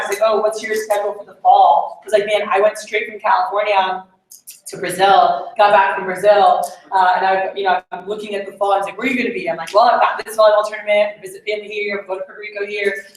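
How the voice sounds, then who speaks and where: A woman leading a meeting, telling stories in a casual, chatty way with lots of fillers. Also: medium pitch. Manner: chatty storytelling with many fillers. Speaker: sales team leader addressing a meeting. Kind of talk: casual motivational talk. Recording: echoey room.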